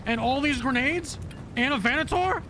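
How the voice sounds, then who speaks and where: A man streaming a video game live, chatting casually and excitably shouting thanks to his supporters. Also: very high-pitched, moderate pace, a little hiss or hum.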